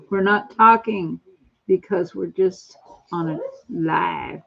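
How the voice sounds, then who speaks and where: A woman in her sixties talks into her phone at home, drifting from topic to topic in a slow, unhurried ramble. Her low voice is gravelly and husky, and the phone audio is dull and lo-fi. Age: 60s. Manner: chatty and rambling, jumps between topics. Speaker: live streamer. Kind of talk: rambling personal live stream chat.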